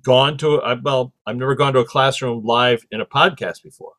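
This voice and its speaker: A man with a medium-pitched voice, speaking at a moderate pace, hosts a podcast and tells a story conversationally. He's lively and mimics the voices of those he quotes.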